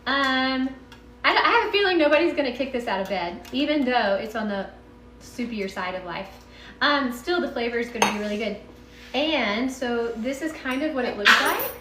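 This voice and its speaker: A woman's voice: a little high, expressive, normal speed, echoey room. A woman with a Texan accent chatting casually in her home kitchen during a live cooking stream, bubbly and meandering as she talks to viewers. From Texas.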